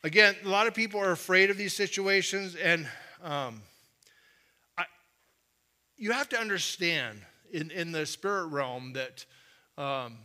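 Bright-voiced male pastor preaching. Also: high voice, expressive, a little slow. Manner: conversational preaching, drops to a quiet firm voice for emphasis. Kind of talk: sermon.

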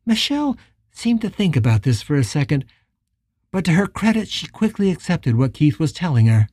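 A calm, measured audiobook narration in a mellow, slightly husky voice. It is recorded close and dry, with no room sound at all. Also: mid-range voice, no echo. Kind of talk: scripted narration.

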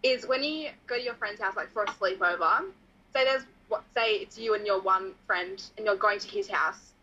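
Brief: podcast host, husky bright voice, giggly and casual, dull call audio. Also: female voice, mid-range voice, moderate pace. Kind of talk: casual chat. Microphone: video call.

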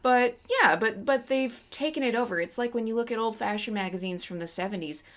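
This is a woman in a relaxed podcast chat about films. She is blunt, opinionated and swears freely, and she has a slight frog in her throat. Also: a little high, brisk. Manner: opinionated, ranting, profane. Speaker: podcast co-host. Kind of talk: casual movie review chat.

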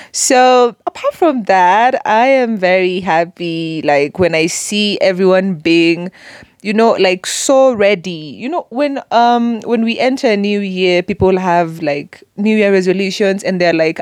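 A woman's voice: mid-range voice, animated, unhurried, a little mellow, no echo, studio quality. A young woman vlogger chatting casually to her viewers, telling stories with lots of fillers and asides. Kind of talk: casual chat to camera.

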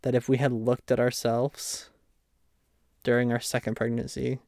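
A young man chatting casually, with a middle-pitched voice. He talks freely and acts out what he was thinking at the time. The recording is close and dry, with no room sound. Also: completely flat delivery, normal speed, creaky, darkish tone, no room sound. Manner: conversational, acts out his own past thoughts. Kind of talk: casual chat.

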